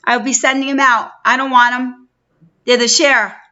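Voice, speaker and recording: Bright high-voiced New York woman, chatty. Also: fairly even intonation, moderate pace. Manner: chatty and effusive, greets viewers by name. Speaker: livestream host. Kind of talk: casual live-stream chat. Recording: dull lo-fi stream audio.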